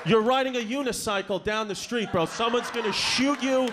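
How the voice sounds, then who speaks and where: A man's voice: very high-pitched, normal speed. A man doing a brash, profane stand-up set with crowd work. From Brooklyn, New York. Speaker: stand-up comedian. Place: comedy club stage before a live audience. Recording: live club recording with audience noise. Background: audience laughter.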